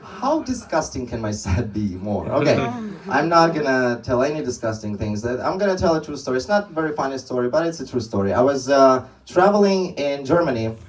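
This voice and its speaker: A man's voice: medium pitch, big pitch swings, a little fast, few pauses. Male stand-up comic, distant stage sound. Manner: loose rambling storytelling with many restarts. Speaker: stand-up comedian. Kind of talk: stand-up comedy set. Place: comedy club stage.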